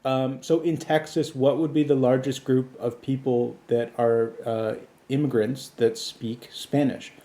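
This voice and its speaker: A man's voice: medium pitch, fairly even intonation, measured pace, hardly any pauses, dark tone. A man hosting a comedy podcast, chatting with a voice assistant in a dry, insistent, lecturing way. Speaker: podcast host.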